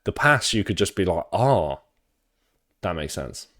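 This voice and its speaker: Young british man, very low voice, rambling, sweary, casual stream talk. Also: sing-song, measured pace, a bit bright.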